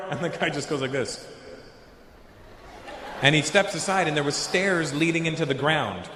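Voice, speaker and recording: A male stand-up comedian telling a story in an animated way, acting out dialogue and swearing freely. His voice sits a little high for a man. It rings through a large arena with faint hum behind it. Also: moderate pace, pauses often. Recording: echoey arena recording.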